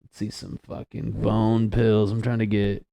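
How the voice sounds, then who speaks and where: A man's voice: fairly low pitch, completely flat delivery, a little slow, gravelly, dark tone, no echo. Rambling, profane young man podcasting solo. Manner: rambling, profane, laughs at own jokes. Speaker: podcast host. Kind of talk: solo comedic podcast rant.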